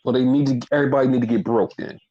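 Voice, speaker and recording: A man casually recapping a wrestling show, talking in an animated, profane way. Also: very fast, highs cut off. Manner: animated, profane, acts out quotes in high voices. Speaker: podcast co-host.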